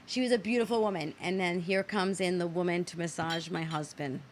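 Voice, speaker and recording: An American woman hosting a casual live show, telling a funny story with animated, laughing delivery. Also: lowish voice, brisk, slight background noise. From United States. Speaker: host.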